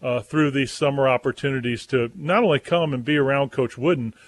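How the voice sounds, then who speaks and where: A man's voice: medium pitch, a little fast. A male radio host asking long, enthusiastic questions in an interview.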